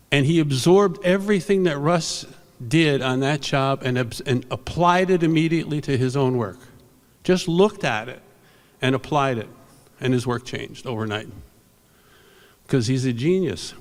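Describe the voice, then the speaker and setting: An older man giving an award speech at a convention. He tells rambling anecdotes and acts out what people said. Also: mid-range voice. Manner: rambling storyteller, animated quotes. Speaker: award presenter. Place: convention hall stage. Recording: reverberant hall.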